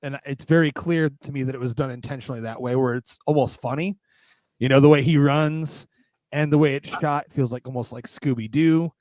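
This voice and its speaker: A male podcast host chatting casually about films, eager and emphatic. His voice sits at an ordinary middle pitch. The recording is dry and close, with no room echo. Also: darkish tone. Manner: enthusiastic, emphatic, quick bursts. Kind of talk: casual film review chat.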